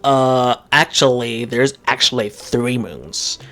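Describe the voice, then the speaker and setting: A man's voice: medium pitch, takes it slowly, bright, forceful tone, faint music behind. A man casually commenting through a video game playthrough and reading dialogue choices aloud in a wry tone. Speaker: gaming streamer.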